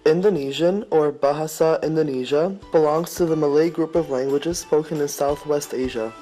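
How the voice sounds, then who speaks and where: A man narrating an educational piece in a measured, explanatory reading style. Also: fairly high pitch, steady tone, warm tone, faint music behind, poor audio.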